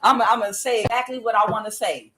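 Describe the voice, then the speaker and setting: A woman's voice: fairly high pitch, fairly even intonation, fast, very noisy, natural voice. A woman voicing a brash, egotistical older male president who talks bluntly and swears. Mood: defiant. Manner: blunt, defiant, profane.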